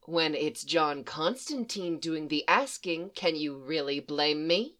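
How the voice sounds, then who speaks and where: A hostile female demon tending bar, guarded and menacing, her voice kept low, as an audiobook reader puts her on. It still carries a bright, forward tone. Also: animated, fairly quick. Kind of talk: audiobook reading.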